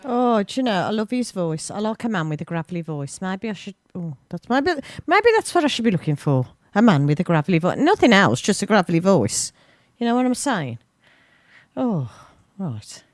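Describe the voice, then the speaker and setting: A woman's voice: mid-range voice, very animated, normal speed, no room sound. A woman, presenting a local radio show in a rambling, chatty way, interrupting herself with asides. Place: radio studio. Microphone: studio microphone.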